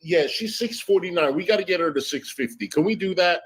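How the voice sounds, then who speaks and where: A woman's voice: lowish voice, animated, a little fast, slightly rough, low-quality recording. A woman hosting a gossip livestream, chatting casually in a sassy way and calling people honey and darling. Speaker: livestream host.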